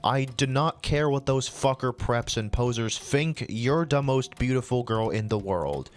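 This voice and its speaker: A gushing, crude teenage boy, read aloud by a man. The lines are fast and plain, in a middle-pitched voice. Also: a little hiss or hum, natural voice.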